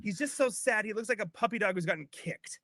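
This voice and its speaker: A man's voice: sits high, fast talker, a bit bright, dry recording, studio quality. A man appearing as a podcast guest, chatting casually and making joking, mock-provocative remarks. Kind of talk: casual chat.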